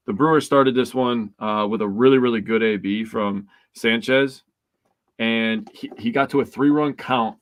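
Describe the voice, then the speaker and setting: A man's voice: medium pitch, fairly bright tone. A man co-hosting a sports podcast, recapping a game emphatically with mock outrage. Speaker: podcast co-host. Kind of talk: casual sports chat.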